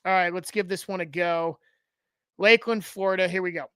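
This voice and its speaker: A man's voice: high-pitched, fairly even intonation, fairly quick, a bit bright, clear, resonant tone, dry recording. A man hosting a live-streamed sports talk show, giving opinionated, rambling and sarcastic takes with frequent restarts.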